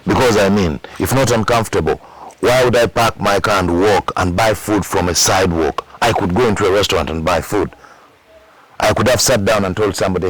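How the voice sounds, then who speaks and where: A very low-pitched man with a Ugandan accent talks openly in an interview about his past. He tells it as a story, repeating words for emphasis and putting on the voices of the people he quotes. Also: a little fast, low-quality recording. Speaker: musician recounting his past.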